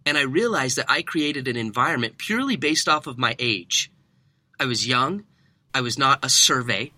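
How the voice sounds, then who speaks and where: Bright young man telling animated stories. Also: medium pitch, normal speed, dry recording. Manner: lively storyteller who acts out quoted dialogue. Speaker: podcast guest, workplace researcher. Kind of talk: animated storytelling interview.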